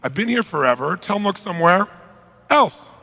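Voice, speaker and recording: A man's voice: sits high, sing-song, fairly quick, sharp tone, heavily acted. A man voicing a nervous male mob accountant who protests and pleads, recorded live in a hall. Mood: protesting.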